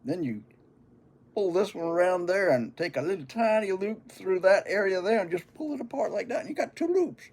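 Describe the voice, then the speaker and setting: A man's voice: high-pitched, lively intonation, fairly quick, darkish tone, pitched above the performer's own voice. An older man voicing a cocky young schoolboy who teases and brags, his voice pushed well above his own. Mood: coaxing. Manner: brash, teasing.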